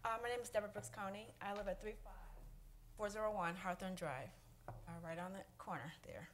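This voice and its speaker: Resident at the mic: emotional, halting woman, lots of fillers. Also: medium pitch, fairly even intonation, noisy background. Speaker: resident speaking at public comment. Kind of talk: public comment at a council meeting.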